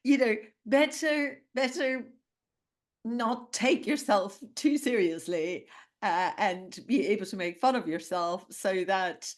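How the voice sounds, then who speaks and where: A woman's voice: mid-range voice, takes it slowly. A woman hosting an interview podcast in casual chat, who laughs often and restarts her phrases. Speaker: podcast host.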